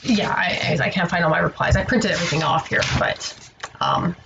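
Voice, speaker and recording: A woman's voice: fairly low pitch, expressive, fairly quick, vocal fry, dull audio, noisy background. A woman telling a story to camera in a casual vlog. She sounds tired and exasperated, rambles, and swears freely. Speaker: online seller vlogger.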